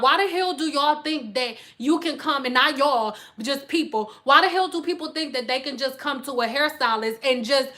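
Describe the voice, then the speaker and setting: A woman hairstylist with a high, bright voice talks to her live-stream viewers. She speaks bluntly and emphatically in a casual chat. She slips into exaggerated voices when she quotes her customers. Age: adult with school-age children.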